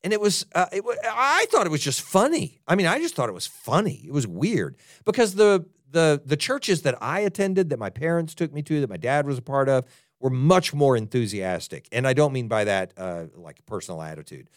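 A man preaching as a pastor in a conversational sermon, animated and talking straight to his listeners with asides. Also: a little high, brisk, no room sound, studio quality.

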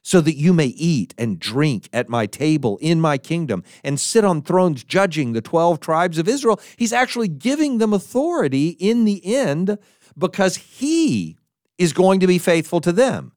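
A man preaches a sermon in a lively, animated way, stepping into voices as he quotes the people in his story. His voice sits fairly high and swings widely in pitch. The sound is dry and close, with no room echo. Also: unhurried.

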